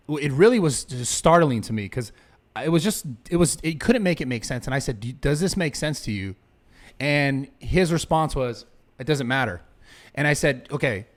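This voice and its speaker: A man hosting a casual podcast, telling stories quickly with a lot of swearing. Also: a little high. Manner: quick, swearing, animated storytelling. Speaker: podcast host.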